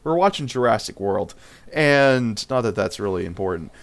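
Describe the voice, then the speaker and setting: A man's voice: fairly low pitch, normal speed, vocal fry. A man chats loosely as co-host of a casual podcast. He rambles through his stories and breaks into laughter often. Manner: animated, rambling, laughs easily. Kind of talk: casual chat.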